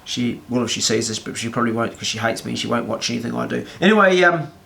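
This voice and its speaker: A man's voice: medium pitch, expressive, fast talker, vocal fry, a bit bright. A man in his fifties with a New Zealand accent, telling a casual anecdote in a blunt, exasperated way. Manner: blunt, exasperated, swears freely. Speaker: storyteller.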